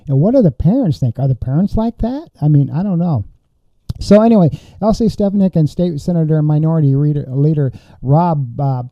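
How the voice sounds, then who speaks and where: A man with a slightly raised pitch hosts a political commentary podcast, reading reports aloud and breaking off to react with indignation. The sound is dry and a little dull, like a modest home setup. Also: dry recording. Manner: indignant, reads quotes then comments with outrage. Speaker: podcast host.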